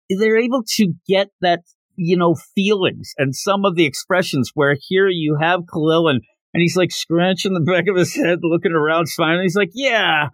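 A man hosting a manga podcast, recapping a chapter in a loose, giggly way and slipping into the characters' lines. His voice sits on the high side and moves about a lot. The sound is close and dry. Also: no room sound. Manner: animated, giggly, acts out dialogue. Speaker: podcast host reviewing manga.

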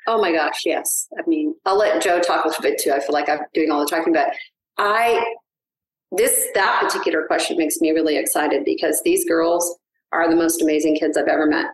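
A middle-aged woman, a guest on a podcast, telling family stories in an eager, animated way. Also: low voice, a little fast. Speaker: guest, adoptive mother. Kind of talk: casual podcast interview. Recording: roomy echo.

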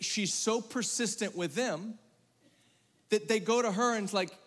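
A man preaching to a congregation in a fairly high voice, chatty and direct with the crowd. He shifts between punchy, loud emphasis and quiet, dropped-down stretches, and his words ring out with a long reverb in a big hall. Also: a little slow. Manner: conversational, calls on the audience to raise hands; swings between loud emphatic bursts and hushed, low passages. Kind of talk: sermon to a live congregation.

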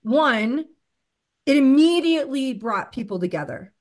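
A woman's voice: high-pitched, animated, measured pace. Woman podcast host, earnest, affirming, conversational. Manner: earnest and affirming, speaks directly to the guest. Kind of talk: casual interview conversation.

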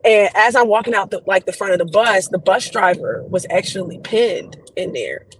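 A young adult woman, a podcast guest, telling a story in an animated, profane, slangy way. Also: medium pitch, normal speed, slight background noise, low-quality recording. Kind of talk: casual storytelling chat.

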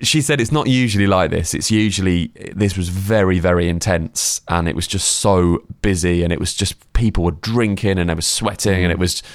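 A man's voice: low-pitched, moderate pace, hardly any pauses, no echo, clean studio sound. A man co-hosting a radio chat, telling rambling, self-deprecating stories full of restarts. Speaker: radio co-host.

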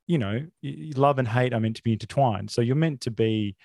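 A man's voice: medium pitch, fairly quick, vocal fry, a little mellow, dry recording, clean studio sound. A man who is not American, a podcast host talking about a film in an opinionated, rambling way, with many fillers. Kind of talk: casual film chat.

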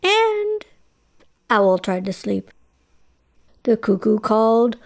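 A woman hosting a children's story hour, reading a bedtime tale in a slow, sing-song, drawn-out way and asking playful questions of her young listeners. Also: medium pitch, big pitch swings, a little mellow.

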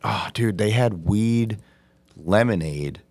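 A man with a very low, deep voice tells stories in a loose, profane, laid-back way. The sound is dry and close, with no room around it. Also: animated, slow pace, darkish tone, slightly rough, dry recording. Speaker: podcast co-host. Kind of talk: casual chat.

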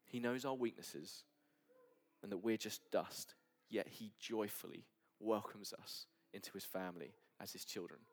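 An earnest male pastor delivering a sermon at a church service. His voice sits low and now and then falls to a soft near-whisper. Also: a little slow.

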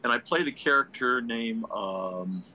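A man, a ventriloquist guest, telling anecdotes in a casual, animated way, often restarting his sentences. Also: mid-range voice, a little slow, dull audio. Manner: animated storyteller, restarts often, acts out quotes.

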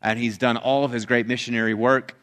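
A man preaching a sermon in a relaxed, conversational way, retelling scripture in his own animated words. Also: medium pitch, fairly quick. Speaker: pastor. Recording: hall reverb.

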